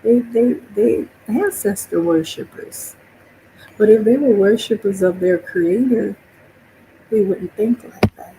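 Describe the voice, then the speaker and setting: New orleans lady on a stream, talks loose and laughs a lot, soft dark voice. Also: mid-range voice, takes it slowly, slight background noise, poor audio. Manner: chatty, laughs often, acts out quoted reactions. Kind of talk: casual monologue stream.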